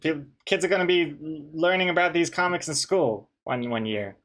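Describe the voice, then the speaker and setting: A man's voice: on the high side, expressive, normal speed, fairly bright tone. A man, a webcomic artist, chatting casually on a live stream, reading chat aloud with dry, joking banter and rambling restarts.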